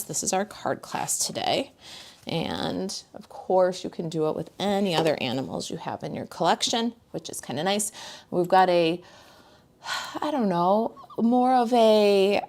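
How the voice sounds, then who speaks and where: A chatty woman from the United States runs a live card-making class from her craft table. She talks warmly and casually at a middle pitch, laughs often, and greets viewers by name as she works.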